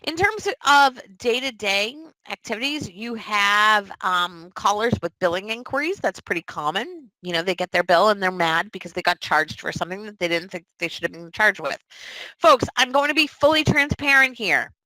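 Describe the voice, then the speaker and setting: Young gal presenting a webinar, chatty and animated, bright voice, dry close mic. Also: female voice, mid-range voice, normal speed, no room sound, rough recording. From Boston area. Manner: chatty, animated, acts out sample calls in different voices. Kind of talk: recruiting webinar talk.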